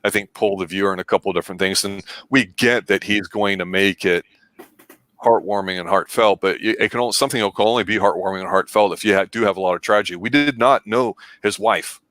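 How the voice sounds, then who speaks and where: A man co-hosting a casual TV review chat, speaking in a measured, thoughtful way. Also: on the low side, fairly bright tone, no echo. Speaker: co-host reviewing a TV show.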